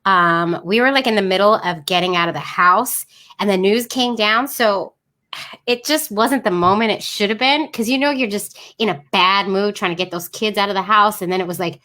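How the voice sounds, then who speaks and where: Bright-voiced chatty woman co-host. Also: medium pitch, moderate pace. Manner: chatty, relaxed, with lots of fillers. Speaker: podcast co-host. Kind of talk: casual chat.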